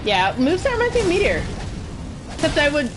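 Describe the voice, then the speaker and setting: A young woman streaming a game, chatting casually and excitedly with frequent giggles. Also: high voice, fast talker, music in the background. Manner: bubbly, giggly, chatty with many "like"s. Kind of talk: casual chat while playing.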